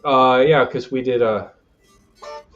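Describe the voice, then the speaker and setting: With faint music behind him, a Canadian livestream host speaks slowly in a medium-pitched, steady, fairly bright voice, heard over a video call with dull lo-fi stream audio. In this casual chat he tells salty, rambling stories and acts out quotes.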